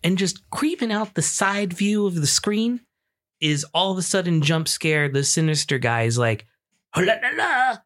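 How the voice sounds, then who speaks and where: A young man co-hosting a casual podcast, telling a story in a loose, swearing, animated way and acting out the people in it. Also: a little high, normal speed. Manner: animated, swearing, acts out screams and quotes. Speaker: podcast co-host.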